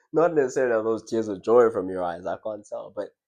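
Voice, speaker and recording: A man's voice: lowish voice, a little mellow. A young man casually telling a personal story to his audience, reflective and conversational, often restarting his words and laughing. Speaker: vlogger.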